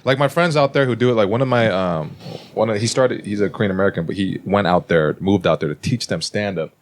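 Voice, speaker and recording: A man's voice: lowish voice, fast. A young adult man, a comedian guest, chatting casually on a podcast in a rambling, self-interrupting way and laughing often.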